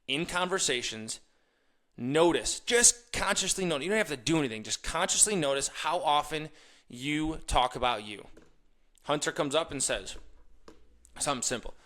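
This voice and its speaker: A young man hosting a podcast, giving a casual motivational monologue, animated and ranting, mimicking other people in quick quoted asides. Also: on the high side. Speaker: podcast host.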